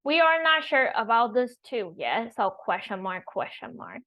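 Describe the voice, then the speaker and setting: A woman who teaches online, explaining tones slowly and carefully and repeating each example word. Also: a little high, sing-song, dull audio. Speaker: Mandarin teacher. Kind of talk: online language lesson.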